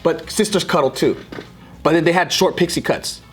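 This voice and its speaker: A man co-hosting a podcast, telling a story in a casual, animated way, acting out the quotes and swearing freely. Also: fairly high pitch, normal speed, music in the background. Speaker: podcast co-host.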